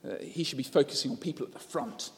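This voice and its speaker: A man's voice: medium pitch, lively intonation, quick pace, in a large hall. A man preaching a sermon, telling the story and asking rhetorical questions.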